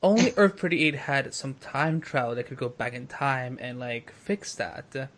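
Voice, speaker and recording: A man's voice: medium pitch, unhurried, a bit bright. A man hosting a podcast in casual chat, emphatic and playful. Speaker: podcast host.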